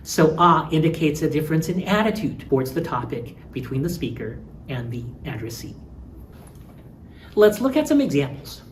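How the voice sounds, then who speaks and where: A woman's voice: sits low, very animated, normal speed, a little hiss or hum. A woman lecturing on language, explaining step by step and acting out short example phrases. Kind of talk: recorded linguistics lecture.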